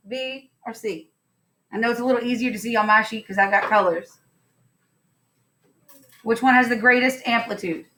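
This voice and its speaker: A woman's voice: a little high, a bit bright. A woman teacher giving a science lesson in a classroom, upbeat and playful, putting questions to her students.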